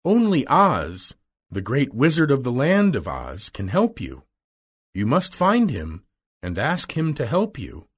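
A man voicing a kind little old woman, a gentle witch, speaking slowly and soothingly in a storybook reading. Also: medium pitch, huge pitch swings, slightly rough, full character voice. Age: over 60.

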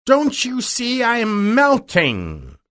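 A man voicing a wicked old witch woman in a shrill, wailing storybook voice. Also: wildly swooping pitch, takes it slowly, bright, forceful tone, heavily acted. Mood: shrieking.

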